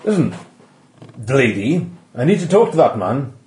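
A brusque, pompous ex-reverend with a wandering Welsh lilt, as a man puts him on in a tabletop game. He barks high and sharp, cutting people off. The room rings with echo and faint background hiss. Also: wildly swooping pitch, normal speed, full character voice. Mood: demanding. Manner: pompous and brusque, pushing his way through. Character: rude, abrupt male ex-reverend with a vaguely Welsh accent. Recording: echoey room with background noise.

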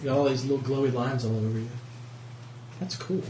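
A man playing at a tabletop game, excitable and chatty. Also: mid-range voice, a little fast. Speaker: player. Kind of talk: casual chat at a game table. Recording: echoey room, distant mic, loud noise.

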